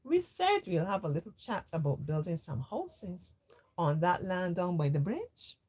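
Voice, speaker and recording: A woman voicing a flustered father who puts on a bright, cheery phone voice and snaps at his son. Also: sits high, very animated, takes it slowly, pitched above the performer's own voice, heavily acted. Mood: forced cheer.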